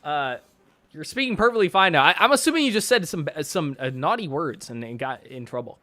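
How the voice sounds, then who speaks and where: A man's voice: fairly high pitch, lively intonation, a little fast, sharp tone, no room sound. A young man casually chatting on a stream and reading donations, rambling and swearing with frequent laughs and fillers. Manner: rambling, profane, laughs often, many fillers.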